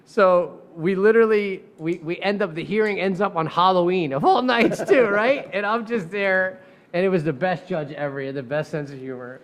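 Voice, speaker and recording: A man with a high voice recounts a case as a lawyer in easygoing podcast talk. He swears often and slips into the voices of the people in his story, keeping an animated, lively delivery throughout. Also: normal speed. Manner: animated, profane, acts out quoted voices. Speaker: defense lawyer telling a courtroom story.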